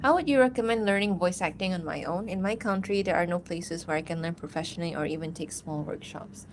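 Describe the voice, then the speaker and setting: A woman's voice: on the low side, fast, a little hiss or hum. A woman animator chatting casually on a livestream, rambling and giggling, with lots of fillers. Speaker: animator streaming while answering chat.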